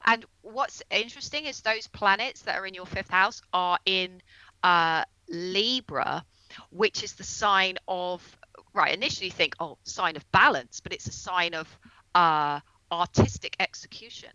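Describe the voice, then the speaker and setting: Woman guest, bright, earnest explainer, lo-fi mic. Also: fairly low pitch, no echo. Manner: explains earnestly, slows down on key terms. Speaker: astrologer guest on a comedy podcast. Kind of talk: casual podcast conversation.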